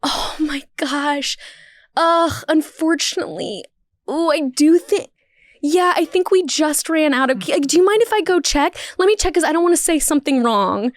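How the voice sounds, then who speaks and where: A woman's voice: high voice, animated, dry recording, clean studio sound, voice pushed up. A woman voicing a rambling, overly apologetic counter worker at a bagel shop. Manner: gushing, apologetic, drawn-out.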